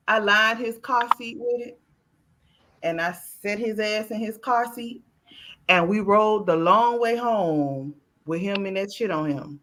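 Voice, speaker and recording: A woman hosting a podcast who tells stories from family life in a blunt, profane, animated way, acting out the voices she quotes and laughing often. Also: medium pitch, a little slow. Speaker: podcast host. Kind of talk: casual storytelling chat.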